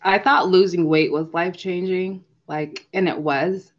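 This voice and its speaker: A woman's voice: on the low side, steady tone, measured pace, highs cut off. A young mother guest speaking in an earnest, reflective way on a podcast. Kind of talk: casual interview chat.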